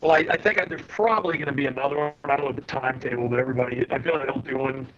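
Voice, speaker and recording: A man guesting on a casual podcast over a video call, telling stories in a rambling, animated way with lots of restarts. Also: medium pitch, racing, dull audio. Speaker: guest, cartoon creator.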